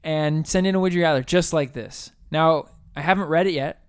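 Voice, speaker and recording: Male co-host, joking and mock-stressed, higher voice, smooth tone. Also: brisk. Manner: jokey, laughs often, mock-stressed. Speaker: podcast co-host. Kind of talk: casual chat.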